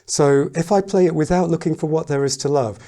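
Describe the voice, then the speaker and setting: A man teaching a piano lesson in a casual, thoughtful way, pausing often and humming rhythms aloud. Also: fairly high pitch. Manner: thoughtful, hesitant, sings and counts rhythms aloud. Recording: loud piano playing behind the voice.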